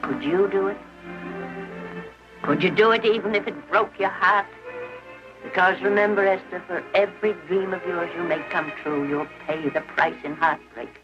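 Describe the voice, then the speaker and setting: A woman's voice: on the low side, moderate pace, lightly acted. An actress playing a stern old pioneer grandmother. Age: older. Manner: firm, lecturing and forceful. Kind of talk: 1930s film acting. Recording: muffled 1930s film soundtrack with music.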